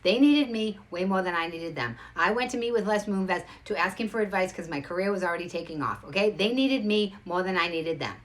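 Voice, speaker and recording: Female host, low-pitched, rapid and emphatic, storytelling to camera. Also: animated. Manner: rapid, emphatic, restarts a lot. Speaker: show host.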